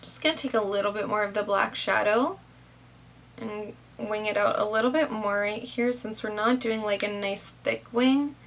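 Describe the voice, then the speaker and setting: A woman's voice: medium pitch, steady tone, normal speed, fairly bright tone. A young woman casually narrating a makeup tutorial step by step, chatty with lots of "kinda, like".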